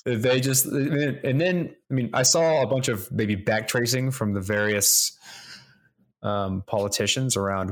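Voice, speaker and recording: A man's voice: medium pitch, measured pace. A man co-hosting a casual podcast, explaining things at length with some rambling. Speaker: podcast co-host. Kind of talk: casual roundtable chat.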